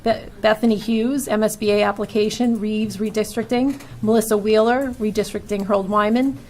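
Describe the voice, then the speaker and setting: A woman's voice: medium pitch, steady tone, normal speed, a little mellow. Woman chairing a meeting, Boston-area accent. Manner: reads a long list of names and topics, with small stumbles. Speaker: school committee chair. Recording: light background noise.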